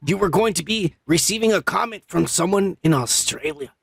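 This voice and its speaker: A man co-hosting a podcast, reading out comments in a rambling, profane, joking way while high. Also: animated, normal speed, gravelly, a bit bright, breathy edge, no room sound. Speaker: podcast co-host. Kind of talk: casual chat reading comments.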